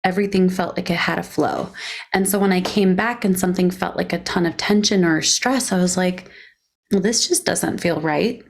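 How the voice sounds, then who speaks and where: A woman's voice: lowish voice, moderate pace, creaky. A woman entrepreneur speaking as a podcast guest, candid and frank, with frequent laughs. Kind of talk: casual interview chat.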